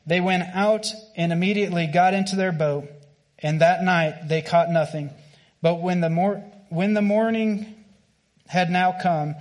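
A man with an American accent preaches in a loose, conversational way, circling back and restarting his sentences as he goes. His voice sits a little higher than most men's. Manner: casual, conversational preaching with frequent fillers and restarts. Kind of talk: sermon.

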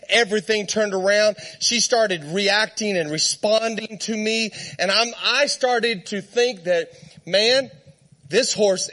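A man preacher with a notably high voice, telling a long personal story in a loose, conversational way. He laughs often as he goes and keeps turning to the congregation with little asides. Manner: lively, laughing, conversational, talks to the crowd. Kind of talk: storytelling sermon.

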